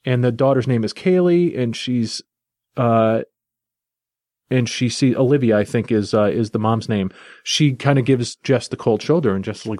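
A man's voice: mid-range voice, normal speed, darkish tone, no room sound, clean studio sound. A man casually recapping and reviewing a comic book in a chatty, enthusiastic, loosely told way.

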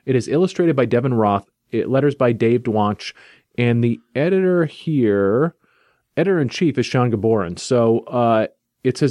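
Male host, mid-pitched, dry close sound, retells a plot with playful energy. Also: moderate pace, no echo. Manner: lively, jokey storytelling. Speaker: podcast host reviewing a comic. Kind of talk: casual chat recapping a story.

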